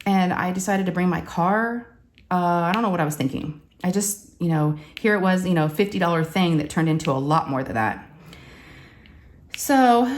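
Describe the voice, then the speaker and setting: A woman, a crafting vlogger telling a story in casual chat and acting out the quotes with animation. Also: lowish voice. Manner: animated, acts out quotes, says y'all.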